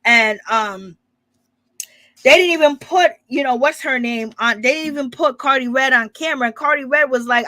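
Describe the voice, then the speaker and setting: A woman recaps reality TV drama in a loose, chatty way, laughing often and playing out what each person said. Her voice sits a little high and sounds bright and forward. The recording is dry and close. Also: moderate pace, no room sound. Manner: animated retelling with quoted dialogue. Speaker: gossip channel host.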